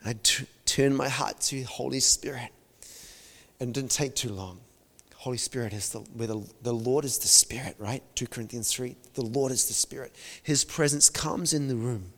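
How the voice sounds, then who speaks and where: A man preaching and telling a personal story, swinging between hushed near-whispers and loud bursts. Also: medium pitch, normal speed. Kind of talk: sermon storytelling. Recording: reverberant hall.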